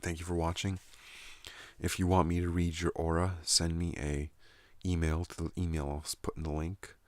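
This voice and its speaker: A man hosting a soft-spoken ASMR channel, rambling at home in a soothing, unhurried monologue. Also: deep voice, little pitch movement, no room sound. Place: at home in a trailer.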